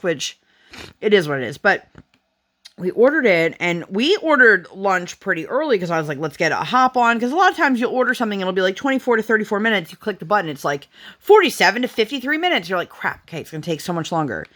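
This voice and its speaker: A woman's voice: mid-range voice, very animated, a little fast, a bit bright. A young woman chatting casually while she works on a craft at home, telling a family story with lots of "like.". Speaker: crafting vlogger.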